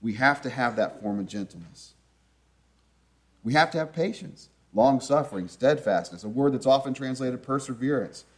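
A man's voice: medium pitch, lively intonation, moderate pace. A man preaching a sermon in an earnest, conversational teaching manner, often asking his listeners rhetorical questions.

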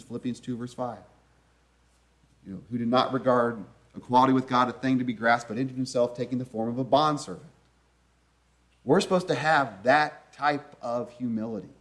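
Speaking at medium pitch, a preacher teaches earnestly and conversationally through his sermon, often putting rhetorical questions to those listening.

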